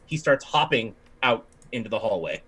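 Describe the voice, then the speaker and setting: A man narrating as game master of a tabletop game, relaxed and rambling, correcting himself as he goes. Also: lowish voice, moderate pace, breathy edge.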